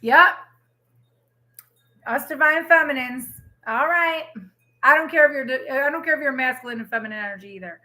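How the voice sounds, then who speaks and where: A woman giving a casual livestream tarot reading, animated and exclamatory, swearing freely. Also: sits high. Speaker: tarot reader.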